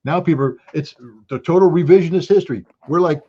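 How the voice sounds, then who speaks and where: A man's voice: a little high, brisk, dark tone. American guy hammering his points home, repeats himself, kinda dull muffled audio. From United States. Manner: emphatic, repeats points for force, lecturing. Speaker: guest commentator. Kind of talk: livestream interview.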